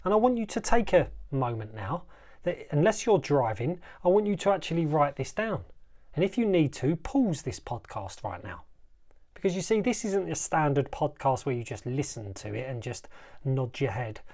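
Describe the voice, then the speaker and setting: A man's voice: a little high, big pitch swings, a little mellow. Emphatic man hosting a motivational podcast. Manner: emphatic, repetitive, slows for dramatic effect. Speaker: life coach, podcast host.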